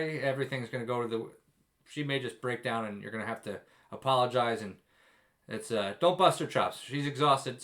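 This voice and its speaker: A man's voice: mid-range voice, fairly bright tone. A young man vlogging casual advice to expecting fathers, emphatic and jokey with self-deprecating stories.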